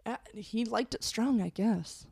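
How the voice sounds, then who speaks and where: A woman's voice: a little high, unhurried, creaky, darkish tone, breathy edge. Chatty woman hosting a casual podcast. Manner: chatty, swears casually, many fillers. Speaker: podcast host reading a countdown list.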